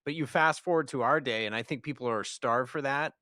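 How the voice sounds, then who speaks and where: A man's voice: mid-range voice, fairly quick, sharp tone, dry recording, studio quality. A man appearing as a guest on a podcast, conversational and opinionated. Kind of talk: casual podcast discussion.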